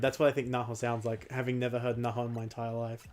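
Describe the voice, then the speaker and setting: A man's voice: mid-range voice, monotone, fast talker, a little mellow. A young man chatting casually on a livestream while playing a game, rambling and self-deprecating, with frequent laughs. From Australia. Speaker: streamer.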